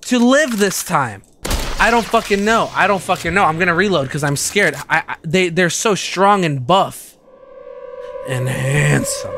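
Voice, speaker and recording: A young man streaming a video game, swearing and joking excitably as he plays. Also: high-pitched, a little slow. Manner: profane, excitable, jokey. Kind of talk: gaming commentary. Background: game music.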